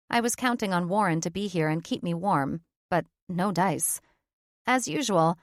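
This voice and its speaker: A woman narrating a first-person audiobook in a steady, earnest storytelling manner. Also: medium pitch, no room sound, studio quality.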